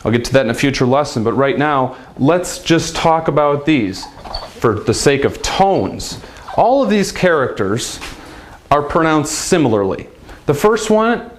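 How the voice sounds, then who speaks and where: A man giving a casual, upbeat language lesson, chatty and demonstrating sounds with big swings of his voice. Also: medium pitch. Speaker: language teacher.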